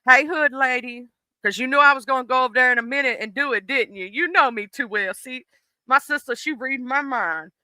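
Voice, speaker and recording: A streamer in their late thirties with a drawl keeps up an animated, profanity-laced chat with their viewers. The voice is very bright and smooth, and it sits dry and close on the mic. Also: sits high, brisk, no room sound, low-quality recording. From southern United States. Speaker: live streamer. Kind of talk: casual live-stream chat.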